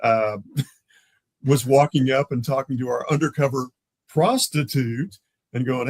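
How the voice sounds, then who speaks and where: A man's voice: medium pitch, a little slow, long pauses, no echo, poor audio. A man, a police lieutenant telling stories in a casual interview and acting out the voices of the people in them. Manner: animated, acts out the voices in his stories. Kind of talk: casual storytelling in a podcast interview.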